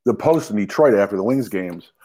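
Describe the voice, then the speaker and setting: Mellow, hesitant man. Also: on the low side, animated, brisk. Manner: laid-back, hesitant with many ums. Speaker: podcast co-host. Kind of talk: casual chat.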